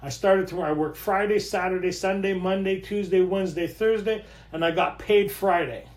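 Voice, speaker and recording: A middle-aged man with a high-pitched voice gives a casual storytelling talk from home. He is animated, laughs often and repeats his phrases for emphasis. The sound is echoey, as if recorded in a bare room. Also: fairly quick. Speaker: recovery workshop speaker.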